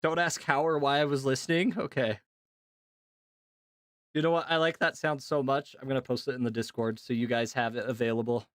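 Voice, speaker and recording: A man streaming casually to his chat, talking in an animated, chatty way with lots of fillers and laughs. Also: mid-range voice, a little fast, no room sound, clean studio sound. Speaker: streamer and voice actor.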